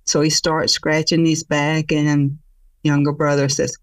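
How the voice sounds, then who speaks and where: A woman storyteller telling a traditional tale in an expressive, conversational way, laughing along with it. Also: low voice, measured pace, no echo, distant mic.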